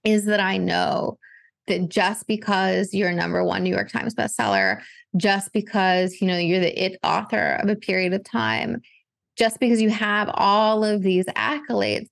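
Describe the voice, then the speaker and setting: Gravelly-voiced woman podcast guest. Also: mid-range voice, dry recording, clean studio sound. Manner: reflective, loose with fillers like "like". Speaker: literary agent and author, podcast guest. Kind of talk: casual podcast conversation.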